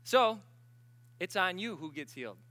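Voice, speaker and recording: A man preaching at a healing service, telling stories with sudden bursts of excitement. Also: high voice, measured pace. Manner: animated storyteller, bursts of excitement. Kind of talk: sermon.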